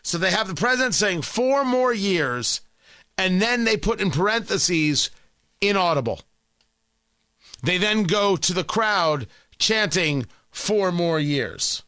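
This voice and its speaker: High-pitched guy ranting slow and sarcastic, really animated, crisp and dry. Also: dry recording. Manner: sarcastic, indignant, mocking voices. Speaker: political commentator. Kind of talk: opinion monologue.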